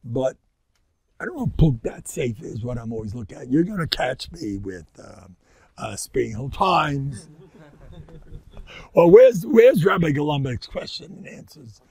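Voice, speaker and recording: A man's voice: mid-range voice, big pitch swings, unhurried, darkish tone, slightly rough, no echo. An older man, giving an informal, rambling Torah talk as a rabbi, joking and dropping Yiddish and Hebrew words. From Far Rockaway, New York. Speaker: rabbi lecturer.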